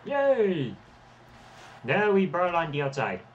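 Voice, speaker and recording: Lively, high-pitched gaming commentator man. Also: normal speed, recorded from a distance, lo-fi sound, slight background noise. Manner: animated, loud reactions, swearing. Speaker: gaming channel host. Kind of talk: let's play commentary.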